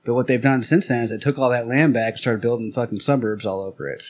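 A man's voice: medium pitch, steady tone, fast talker. A man joking around in casual, crude banter, riffing on absurd ideas. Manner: riffing, says dude and bro, swears.

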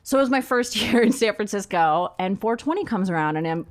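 A woman in her thirties tells a funny story in a relaxed chat. Her voice is of middle pitch, and she laughs a lot and jumps up into a higher voice when she quotes people. She sounds lively and unguarded. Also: a little fast. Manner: animated, laughing, acts out quoted lines in a higher voice.

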